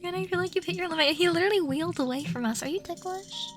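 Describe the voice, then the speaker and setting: Woman, high voice, giggly and playful, casual livestream Q&A, faint music behind. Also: quick pace. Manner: giggly and playful, laughs often. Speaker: streamer.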